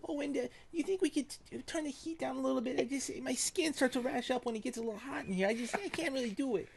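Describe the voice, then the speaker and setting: A fretful, high-pitched young man, put on by a podcast guest, pleads in a soft, whiny voice. He talks fast and fusses about his clammy hands and the heat. It sounds like a goofy bit in casual banter. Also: creaky. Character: fussy nervous young man, clammy and easily overheated.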